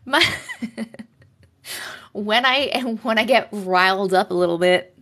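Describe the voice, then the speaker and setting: A woman's voice: mid-range voice, takes it slowly, fairly bright tone. A woman with a Long Island accent hosting a live stream, chatting casually and reading viewer stories into a phone mic held close or clipped to her shirt. She is blunt and chatty and swears freely. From Long Island, New York.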